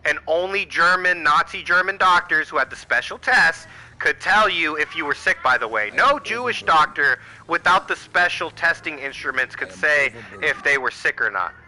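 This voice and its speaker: A man's voice: fairly high pitch, animated, moderate pace, sharp tone, low-quality recording. An American man giving a heated, profane political rant to camera, firing off rhetorical questions. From United States. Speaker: channel host.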